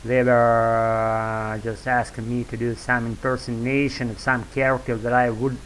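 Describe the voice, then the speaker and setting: Casting: Russian-accented man, monotone wordy vlog ramble, light hiss. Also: medium pitch, poor audio. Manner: wordy, loose, filler-heavy, restarts often. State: sore throat. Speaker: YouTube English-learning vlogger. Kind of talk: rambling monologue to camera.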